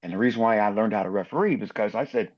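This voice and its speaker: A man in his sixties who works as a basketball referee tells anecdotes during a podcast interview, acting out other people's lines as he goes. His voice is lowish and he talks at a racing pace, and the audio sounds dull.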